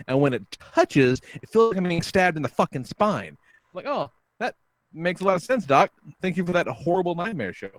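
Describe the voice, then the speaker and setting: Profane, animated storytelling man. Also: fairly high pitch, dry recording. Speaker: podcast host. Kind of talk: casual storytelling chat.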